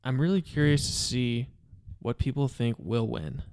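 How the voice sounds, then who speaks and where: A man's voice: mid-range voice, lively intonation, moderate pace, darkish tone, no echo, clean studio sound. A man co-hosting a podcast in casual chat, often switching into a playful mock-announcer delivery. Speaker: podcast co-host.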